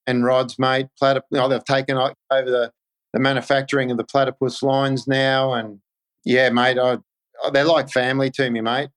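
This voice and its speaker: A man's voice: medium pitch, fairly bright tone, smooth, rough recording. An Australian man guesting on a fishing podcast, chatting in an easygoing way and peppering his talk with "mate". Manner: easygoing, says "mate" constantly, halting restarts. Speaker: podcast guest, kayak angler. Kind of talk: casual podcast chat.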